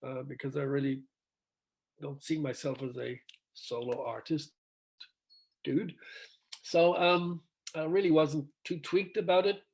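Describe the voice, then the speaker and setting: A man's voice: fairly high pitch, steady tone, measured pace, pauses often, darkish tone, slightly rough. A middle-aged male rock singer telling stories in a casual interview over a video call, acting out quoted dialogue and laughing often.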